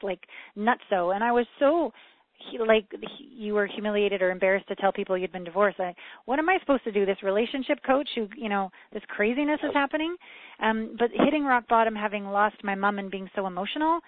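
A woman's voice: mid-range voice, brisk, no room sound. Woman in her forties on a tinny line. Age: 40s. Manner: warm backchannels, lively storytelling, laughs often. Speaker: podcast host, relationship coach. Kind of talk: conversational interview. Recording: tinny phone-like line, dry.

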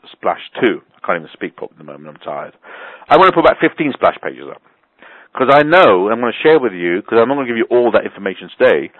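A man's voice: on the low side, dry recording. A man hosting a business conference call, rambling and emphatic, repeating words for stress, heard over a phone line. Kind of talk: casual call talk. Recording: tinny phone line, dry.

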